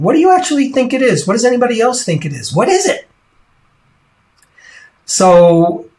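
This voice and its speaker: A coach giving an earnest teaching talk, stressing and repeating key points to the listener. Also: mid-range voice.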